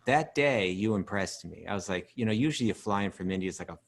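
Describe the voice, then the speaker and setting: Low gravelly guy co-hosting, teasing and laughing, laid back chat. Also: animated, fast. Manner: friendly, teasing, laughs easily. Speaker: podcast co-host. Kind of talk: casual chat.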